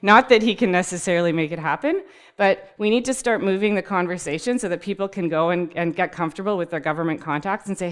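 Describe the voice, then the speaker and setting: Her voice is fairly low and smooth, and she talks at a quick pace. Speaking at a tech community talk, she keeps the presentation conversational and upbeat, laughing often and engaging the live audience directly.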